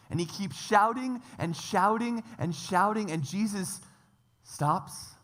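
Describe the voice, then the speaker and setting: A man's voice: high-pitched, slow pace, a bit bright. A man preaching a church sermon, emphatic, stacking up repeated phrases and lists. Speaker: pastor.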